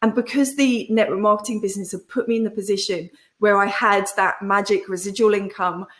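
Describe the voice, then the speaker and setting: Animated woman telling her story. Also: mid-range voice, a little fast. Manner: animated, acts out remembered conversations; frequent fillers and restarts. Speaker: podcast guest, entrepreneur. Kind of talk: candid storytelling in an interview.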